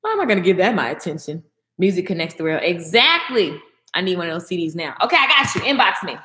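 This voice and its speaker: Talking fast in an echoey room, a young woman runs a laid-back livestream and answers what her viewers write. Her delivery is lively, and her pitch jumps up whenever she's excited.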